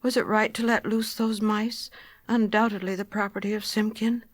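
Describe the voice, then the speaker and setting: A woman's voice: medium pitch, flat delivery, moderate pace, no echo, lightly acted. Brief: storybook figure, anxious old tailor muttering his worries, read by a woman. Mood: lamenting. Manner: mumbling, lamenting. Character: poor old male tailor, fretful and anxious.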